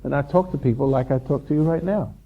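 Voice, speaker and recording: A man's voice: mid-range voice, fast. A man giving a live spiritual lecture to a seminar audience, rambling and repeating himself, chuckling and teasing the listeners. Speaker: seminar speaker. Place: hotel function room before a live audience. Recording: dull lo-fi 1990s seminar tape.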